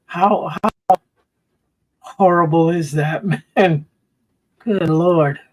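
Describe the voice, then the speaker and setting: Guy rambling thru stories in a loose chat, kinda high voice. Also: fairly even intonation, darkish tone, rough recording. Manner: rambling storyteller, retelling funny videos with quick asides. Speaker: panel guest. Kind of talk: casual chat.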